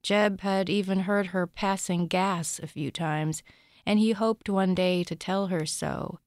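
A woman reading her own short story aloud in a calm, measured, deadpan way. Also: medium pitch, dry recording, clean studio sound. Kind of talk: literary reading.

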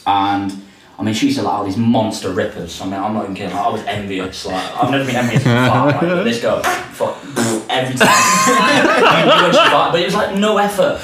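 A man's voice: mid-range voice, wildly swooping pitch, fairly quick, over a noisy crowd. A man in his late twenties, a podcast co-host telling rambling, crude stories with lots of laughter and swearing. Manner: rambling, laughing storyteller who swears freely. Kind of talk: casual chat among friends. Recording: roomy, distant mic, noisy background.

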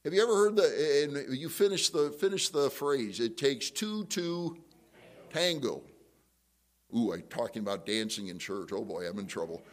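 A middle-aged man preaching a sermon, telling a story and acting out the voices in it with big jumps up in pitch. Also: brisk, few pauses. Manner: animated storytelling, jumps high to act out quotes. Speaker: pastor. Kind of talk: sermon with acted-out anecdote.

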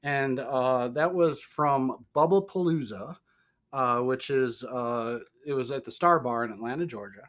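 Rambling, chuckling host with a Southern twang. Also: male voice, medium pitch, a little slow. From American Midwest. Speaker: podcast host. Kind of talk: casual podcast chat.

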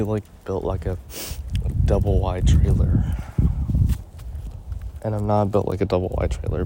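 A teenage boy rants casually into his phone as he walks his dog down a road outdoors. His voice sits on the low side and he takes his time. His talk is loose and full of fillers. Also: a little mellow, a little hiss or hum. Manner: ranting, filler-heavy with frequent "like" and "um". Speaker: podcast host. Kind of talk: casual rambling monologue.

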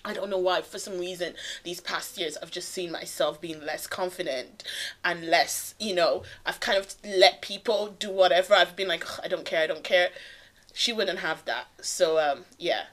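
A woman's voice: fairly low pitch, normal speed, fairly bright tone. A young woman co-hosting a podcast, talking candidly and swearing freely in a casual chat. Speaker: podcast co-host.

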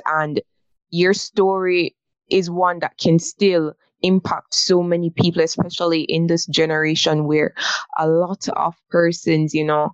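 Woman interviewer, gentle and hesitant, lowish voice, muffled lo-fi sound. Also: dry recording. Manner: gentle, hesitant, many restarts in questions. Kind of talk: faith interview, conversational. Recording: dry, dull lo-fi sound.

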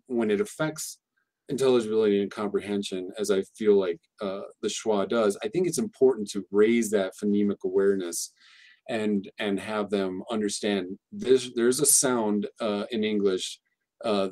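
A man with a warm voice on the low side guests on a podcast as an English teacher, discussing how to teach pronunciation. His casual talk is explanatory but rambling, full of fillers and frequent restarts.

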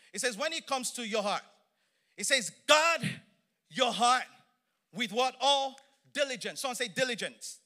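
Preaching in a bright, high voice, this man from Nigeria sounds middle-aged and full of energy. He stresses words for effect and weaves in playful asides throughout the sermon.

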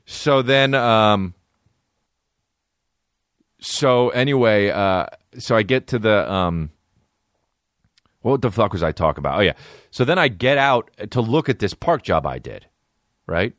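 A man's voice: on the low side, sing-song, unhurried, pauses often, a bit bright, dry recording, studio quality. Profane rambling comedian man. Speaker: podcast host. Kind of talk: comedic storytelling and ad reads.

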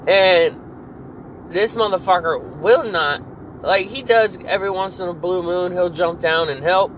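A man's voice: high voice, unhurried, a bit bright, a little hiss or hum, rough recording. A man ranting angrily and profanely about his job, irritated and fed up. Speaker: podcast host. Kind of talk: angry work rant monologue.

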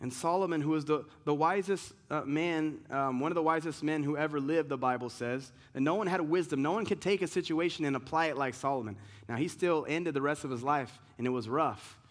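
A man's voice: on the high side, brisk, hardly any pauses. A man preaching a sermon as pastor, asking rhetorical questions and mixing emphatic lines with casual asides.

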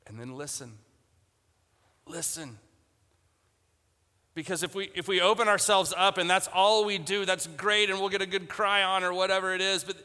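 A man's voice: high voice, pushed and bright, long reverb tail. A man preaching a conversational sermon as a pastor, retelling Bible scenes in casual modern speech and repeating phrases for emphasis.

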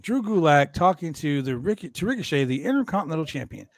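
A man's voice: brisk, no room sound. A man hosting a podcast, recapping wrestling in a loose, joking way and acting out quoted lines. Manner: animated, jokey, acts out quoted lines in high voices. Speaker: podcast host. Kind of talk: casual wrestling recap chat.

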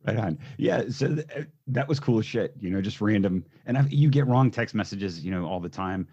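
A man with a very deep voice, a guest in a casual podcast chat. He is easygoing and laughs along, restarting his sentences as he goes. The sound is slightly dull and lo-fi. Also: lively intonation, brisk, mellow, breathy edge.

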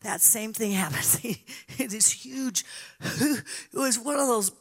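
A woman with a high voice preaching a sermon. She tells her story dramatically, falling to whispers and then rising to loud cries. She sounds middle-aged. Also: slow pace. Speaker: guest preacher.

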